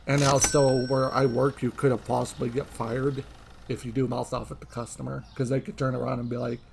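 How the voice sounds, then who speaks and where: A man's voice: medium pitch, little pitch movement, fairly quick, creaky, darkish tone, slight background noise. A young man, chatting casually over gameplay and rambling through stories from his retail days. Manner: chatty, rambling anecdotes with frequent laughs. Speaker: gaming streamer. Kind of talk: casual gameplay commentary and storytelling.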